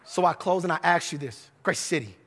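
A man's voice: on the high side, lively intonation, fairly quick, fairly bright tone, breathy edge, long reverb tail. A male pastor preaching a sermon, building emphatic repeated phrases and stumbling into restarts now and then.

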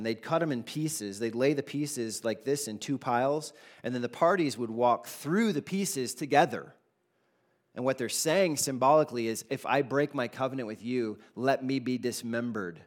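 A man preaching a sermon as pastor, in a conversational, animated way with casual asides. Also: mid-range voice.

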